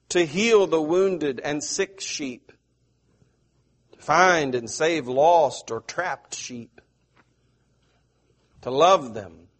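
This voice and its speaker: A man's voice: a little high, a bit bright. A middle-aged man from the American South, preaching a sermon and asking his listeners questions. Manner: slow, repetitive, asks the audience questions.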